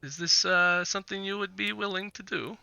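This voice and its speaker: A man's voice: sits high, fairly quick, gravelly, sharp tone, clear, resonant tone, dry recording, muffled recording, voice pushed up, full character voice. A man voicing a smug, condescending male merchant who hedges with lots of fillers and talks down to people. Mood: patronizing. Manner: hesitant, filler-heavy, patronizing. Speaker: game master.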